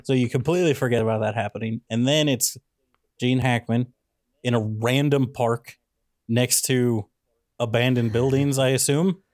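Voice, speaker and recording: A man's voice: medium pitch, fairly even intonation, moderate pace, darkish tone, no echo, clean studio sound. A man co-hosting a casual movie review chat, sarcastic and ranting as he picks apart a plot. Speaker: podcast co-host.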